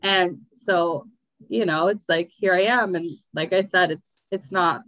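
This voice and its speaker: Lively chatty American woman. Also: on the low side, unhurried, dry recording, rough recording. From United States. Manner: chatty, rambling, heavy use of "like". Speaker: guest. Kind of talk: casual interview chat.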